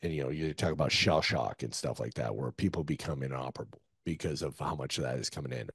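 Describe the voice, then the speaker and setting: Very deep husky man telling war stories. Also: fast talker, no echo, clean studio sound. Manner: loose, profane war storytelling with many fillers. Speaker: guest, former Army Ranger. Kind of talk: casual storytelling interview.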